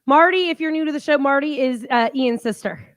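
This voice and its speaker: Woman co-host, high and playful, close dry mic. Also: brisk, no room sound. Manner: teasing, laughs often. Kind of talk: casual live-stream chat.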